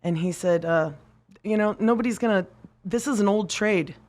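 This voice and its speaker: A woman guest on a podcast telling her story in a casual, animated way, acting out what people said, swearing and laughing often. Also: medium pitch, moderate pace. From United States.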